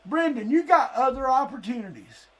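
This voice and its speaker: A man from Florida, hosting a live stream and delivering a heated, blunt, profane political rant that sometimes breaks into shouting. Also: extremely high pitch, animated, normal speed. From Lee County, Florida.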